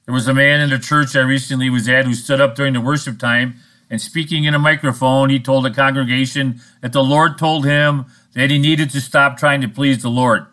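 A man's voice: medium pitch, steady tone, brisk, sharp tone. A man preaching a sermon in a blunt, scolding, sarcastic manner. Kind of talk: recorded sermon monologue.

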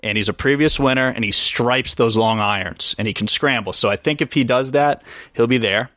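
On a golf podcast, a male co-host casually rambles through his betting picks, tossing in jokes and asides. His mid-range voice runs a little fast, and the dry studio recording sounds clean.

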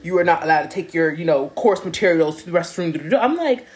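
A woman's voice: fairly low pitch, a little fast. A young woman casually telling a story, laughing and acting out what people said. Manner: animated, laughing storytelling with acted-out quotes. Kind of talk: casual chat.

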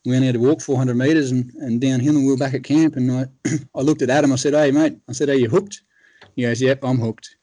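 A man's voice: mid-range voice, steady tone, quick pace, warm tone, no room sound. An Australian man telling a long hunting story in a laid-back, rambling way, full of fillers. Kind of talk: casual storytelling.

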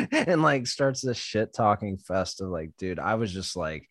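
A man's voice: fairly low pitch, sing-song, unhurried, no room sound, studio quality. A man telling a story about his tree job in casual chat, swearing a lot and laughing often as he acts out what people said.

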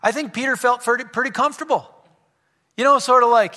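A man's voice: very high-pitched, brisk, pushed and bright. A man preaching a sermon in a church, reading scripture and breaking off into casual, joking asides to the congregation. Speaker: pastor. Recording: long hall reverb.

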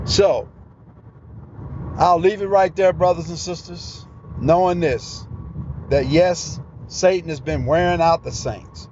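A man's voice: on the high side, fairly even intonation, slow pace, a little mellow. A man preaching a podcast sermon in an earnest, plain-spoken way. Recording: dull lo-fi sound, faint outdoor traffic noise.

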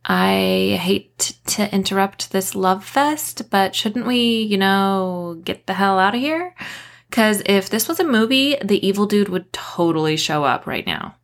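A woman's voice: mid-range voice, animated, a little slow, gravelly. A woman voicing a frightened young woman who talks in slangy, shaky bursts. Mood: wry.

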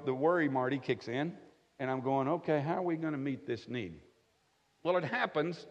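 A middle-aged man preaching a conversational sermon with folksy jokes, often checking in with his listeners by asking "right?". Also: mid-range voice. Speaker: pastor. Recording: echoey hall, slightly dull sound.

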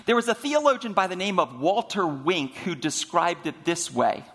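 High-voiced preacher in a reverberant sanctuary. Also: male voice, lively intonation, fairly bright tone. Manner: storytelling preacher, slows down for emphasis. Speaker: senior minister. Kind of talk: sermon. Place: church sanctuary. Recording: long reverb of a large sanctuary.

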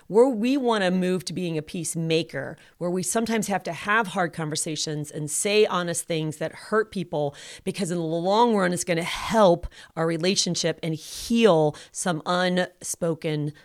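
A woman's voice: fairly low pitch, normal speed, few pauses. Earnest woman giving marriage advice. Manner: earnest, affirming, quotes scripture. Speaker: co-host of a marriage advice show. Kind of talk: casual advice chat.

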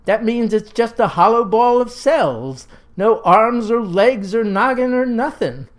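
A woman voicing a calm male doctor who speaks in a measured, explaining way. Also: a little high, pitched above the performer's own voice. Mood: patient.

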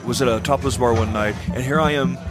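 A man's voice: medium pitch, quick pace. A man, a pastor, tells the story of his conversion with earnest storytelling. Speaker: pastor giving testimony. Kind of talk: personal conversion testimony. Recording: music bed underneath.

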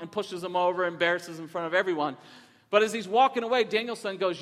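A pastor in his thirties preaching a sermon in a church, telling stories with animated, rising emphasis. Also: sits high, quick pace. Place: church sanctuary. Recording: long hall reverb.

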